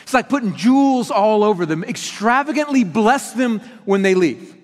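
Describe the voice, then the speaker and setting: A man preaching a sermon as pastor, earnest and teaching, with emphatic stresses. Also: high voice. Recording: reverberant hall.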